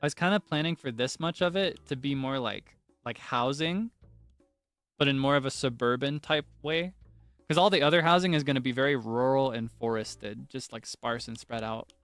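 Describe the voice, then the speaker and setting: A man's voice: medium pitch, moderate pace, fairly bright tone, clear, resonant tone, no room sound, faint music behind. A young man streaming, chatting casually in a rambling, self-correcting way with frequent chuckles.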